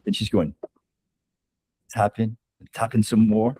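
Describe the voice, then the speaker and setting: A man's voice: on the low side, level tone, slow, mellow, slightly rough, no echo. A man guest telling a personal story in casual conversation, often tagging sentences with "right?" and laughing between lines. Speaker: author guest.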